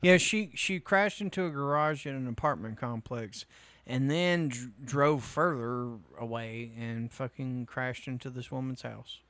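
A man's voice: medium pitch, measured pace, fairly bright tone, clean tone, dry recording. A man in casual podcast chat, blunt and sardonic, swearing freely. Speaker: podcast co-host.

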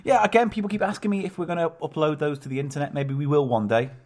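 A man's voice: a little high, fast talker, darkish tone. A man co-hosting a comedy podcast, chatting in a playful, bantering way. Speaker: podcast co-host. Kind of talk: casual comedic chat.

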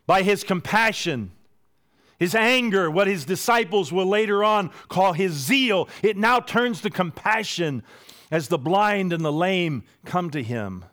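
A man preaching a sermon, building to loud high peaks and dropping to quiet low asides. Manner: dramatic, swings from loud rising peaks to low hushed asides.

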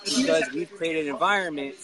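Male podcast host, slightly high voice, earnest and musing, loud crowd behind him. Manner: earnest, philosophizing, halting. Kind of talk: reflective casual conversation.

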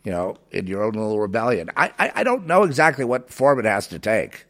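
Agitated man, swings loud and low. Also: sing-song, a little fast. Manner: emotional, swinging between loud outbursts and low mutters; many fillers and restarts. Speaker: show host. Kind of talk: rambling monologue.

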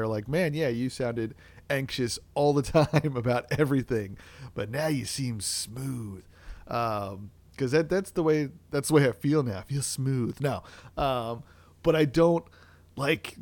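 A man's voice: mid-range voice, darkish tone, no echo. A man in his thirties hosting a podcast, talking candidly and at length, rambling with fillers and restarts in a self-deprecating way. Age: 30s. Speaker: podcast host. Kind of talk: candid solo podcast talk.

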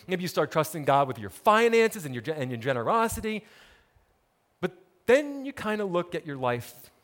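A man preaching a sermon as pastor, emphatic and animated, repeating key phrases for effect. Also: fairly high pitch, long reverb tail.

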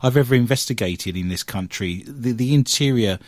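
A man hosting a radio show, recounting a paranormal investigation as an animated storyteller who works through his notes. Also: mid-range voice, a little fast, no room sound. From England.

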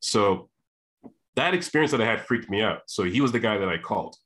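A man telling a long personal story, animated, often restarting his sentences and acting out what people said. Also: on the low side, fairly quick. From Canada. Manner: animated, repeats and restarts, acts out quoted voices. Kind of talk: storytelling monologue.

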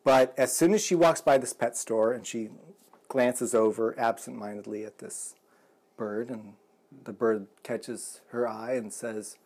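A man's voice: medium pitch, fairly even intonation, unhurried, a little mellow. A man telling a long shaggy-dog joke, stopping and restarting and chuckling as he builds it. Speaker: joke teller.

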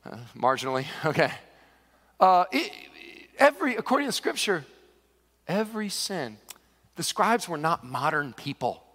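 A male pastor delivers a conversational, humorous sermon in a high, bright voice. His pitch leaps up and down as he preaches, and the sound carries a long reverb from a large church hall. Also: very animated, normal speed, long pauses.

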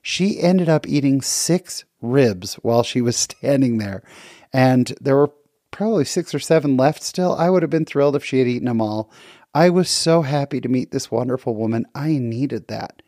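A man's voice: medium pitch, lively intonation, moderate pace, mellow, no echo, clean studio sound. A middle-aged man telling a personal story in an earnest, reflective, conversational way.

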